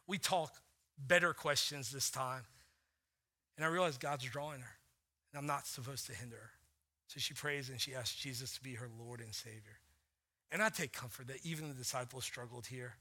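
Bright-voiced pastor, chatty storytelling sermon. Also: male voice, medium pitch, fairly quick. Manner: conversational storytelling, many "like" fillers, swings from hushed to animated.

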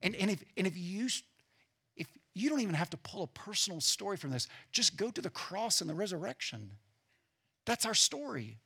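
An earnest man delivers a sermon as pastor, pressing his points with emphasis and then easing into quiet reflection. His voice sits a little high, with a bright, forceful edge and a husky grain. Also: very animated, moderate pace.

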